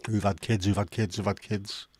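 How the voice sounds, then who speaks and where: A man's voice: lowish voice, level tone, normal speed, a little mellow, husky, no echo. A man from Liverpool hosting a casual chat livestream, joking and swearing as he chats to viewers. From Liverpool, England. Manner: sweary, joking, chatty asides. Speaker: livestream host.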